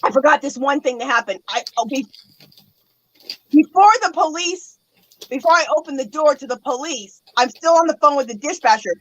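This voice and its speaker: A woman's voice: sits high, moderate pace, poor audio. A woman hosting a casual chat, telling a story with lots of feeling and acting out her own reactions. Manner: animated, acts out her own reactions in quotes. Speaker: host.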